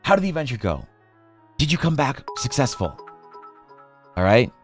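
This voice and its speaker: A man streaming, chatting casually while he draws, in a rambling, profane, animated way. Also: medium pitch, moderate pace, faint music behind.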